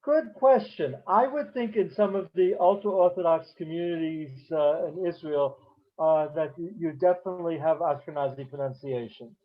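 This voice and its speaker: A man's voice: on the high side, moderate pace, highs cut off. A man teaching a beginners' Hebrew class online, explaining patiently with frequent fillers.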